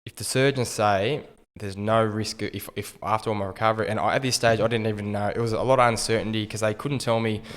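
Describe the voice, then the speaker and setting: Australian man in his 30s, low monotone, laid-back storyteller, reverberant hall sound. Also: fast talker, hardly any pauses. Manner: easygoing, understated, frequent ums and "like". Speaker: guest, retired rugby league player. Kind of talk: casual interview storytelling.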